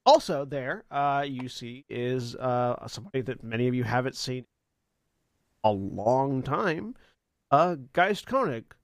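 A man narrating a tabletop game as dungeon master, casual and halting with many fillers. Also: mid-range voice, expressive, no room sound, clean studio sound.

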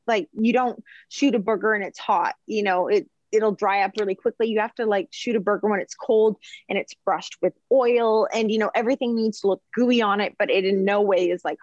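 A chef and food journalist appears as a podcast guest, chatting casually and telling animated, rambling stories full of fillers. Her mid-pitched voice is close-miked with no room sound or echo, in a slightly dull, lo-fi recording, and she talks a little fast.

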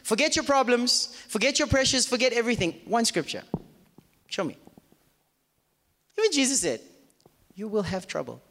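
In a reverberant church hall, a pastor addresses his live congregation with a stream of rhetorical questions, voicing their doubts as if quoting them. He speaks at normal speed in a very high, animated voice with a fairly bright tone, leaving long pauses.

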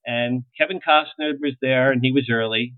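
A middle-aged man, a publicist, telling lively anecdotes in an interview and acting out the lines he quotes. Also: mid-range voice, moderate pace, clean tone, no echo. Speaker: publicist guest. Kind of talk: storytelling interview. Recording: tinny phone-like line, dry.

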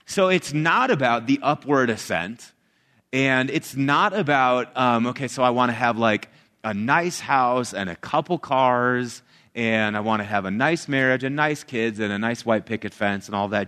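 A man preaching a sermon in a relaxed, conversational way, retelling scripture in his own animated words. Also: medium pitch, normal speed, clean tone. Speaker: pastor. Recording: hall reverb.

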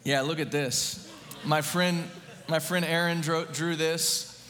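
A man preaching a sermon, fervent and calling out to his congregation, at times rising to shouting. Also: fairly high pitch, steady tone, takes it slowly. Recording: long hall reverb.

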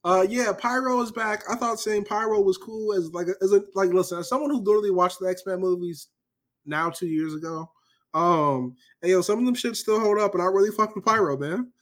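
A man with a notably high speaking voice co-hosts a casual podcast chat. He rants in an animated, emphatic and profane way, pressing his points hard. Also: a little fast. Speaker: podcast co-host.

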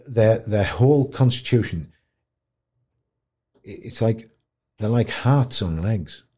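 A man tells his stories as an interview guest, blunt and chatty. His husky, mellow voice rises and falls a lot as he gets into an anecdote. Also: low-pitched. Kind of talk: animated storytelling in an interview.

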